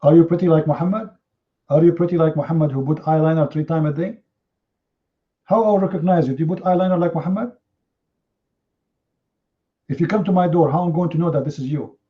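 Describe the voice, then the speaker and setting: A man's voice: on the high side, fairly quick, long pauses. A man hosting a heated live online debate, confrontational and mocking, firing rhetorical questions in non-native English. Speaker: debate host. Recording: slightly muffled online stream audio.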